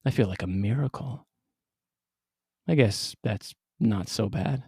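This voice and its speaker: A man hosting and telling a scripted personal story, with wry, dramatic delivery and pointed pauses. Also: fairly low pitch, mellow, husky, no room sound, studio quality. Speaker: storyteller and podcast host.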